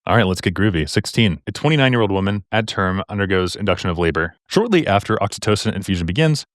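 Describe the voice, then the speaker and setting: A deep, low-voiced man talks quickly, explaining exam questions like a tutor. His delivery is casual and jokey, with fast asides. The sound is dry and close, with no room echo. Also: animated.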